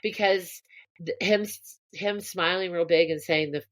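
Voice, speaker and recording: A woman's voice: lowish voice, steady tone, a little slow, fairly bright tone. A woman co-hosting a podcast, chatting casually and telling a story with gushing enthusiasm. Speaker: podcast co-host. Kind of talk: casual chat.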